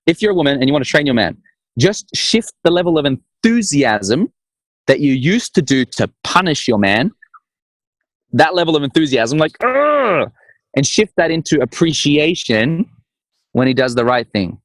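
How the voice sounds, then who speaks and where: A man speaking as a guest in a conversation, telling stories in a playful, animated way and acting out little scenes. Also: on the high side, moderate pace, no room sound. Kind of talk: conversational storytelling.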